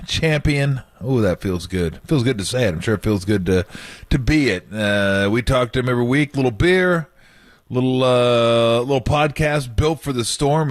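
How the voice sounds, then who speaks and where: A man's voice: mid-range voice, moderate pace, no room sound. Upbeat male sports radio host. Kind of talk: casual sports radio chat.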